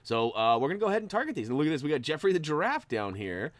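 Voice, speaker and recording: This man talks very fast in a voice on the high side, with no room sound. Hosting a gaming channel, he chats playfully while playing a video game and jumps up when excited.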